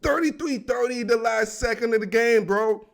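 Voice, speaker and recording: A young man giving a solo football recap, talking in excitable, joking slang. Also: extremely high pitch, moderate pace. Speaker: sports commentator.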